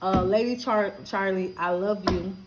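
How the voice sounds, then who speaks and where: A woman's voice: mid-range voice, unhurried, background noise. A middle-aged woman from Lubbock, Texas, chatting and laughing with her viewers in a casual live stream. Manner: chatty, animated, laughing, talks straight to viewers.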